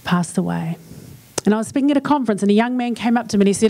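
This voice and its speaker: A woman's voice: mid-range voice, expressive, rapid-fire, warm tone. A woman with a New Zealand accent giving a humorous talk at a church conference, chatting and acting out little dialogues. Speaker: conference speaker.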